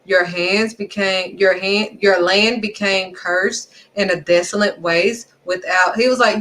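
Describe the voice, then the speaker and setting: A woman teaching from the Bible in a casual preaching style. She reads verses slowly, then restates them emphatically in everyday talk, driving points home with repetition. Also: mid-range voice, fairly even intonation, a bit bright. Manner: repeats "period" for emphasis.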